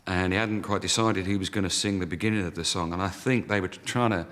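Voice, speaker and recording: Man, interviewed singer, relaxed anecdote, low pitch. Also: quick pace, big-room sound. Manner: easygoing anecdote with quoted speech. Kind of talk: documentary interview recollection.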